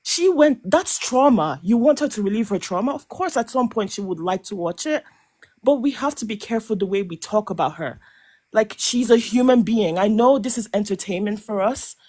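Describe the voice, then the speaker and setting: Woman panel guest, impassioned live commentary, halting restarts, emotional edge, mid pitch. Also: lively intonation, a little mellow. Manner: emphatic, halting with many restarts and stammered repeats. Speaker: panel guest on a reality show podcast.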